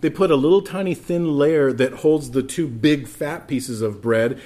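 A man's voice: fairly high pitch, a little slow. A man preaching a sermon as pastor, telling stories and speaking straight to the congregation. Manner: animated storytelling, addresses congregation directly.

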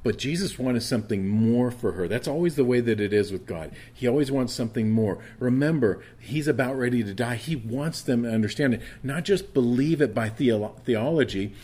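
A man's voice: medium pitch, expressive, fairly quick, hardly any pauses, mellow, slightly rough. A man preaching a conversational sermon, reading scripture aloud and explaining it. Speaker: pastor.

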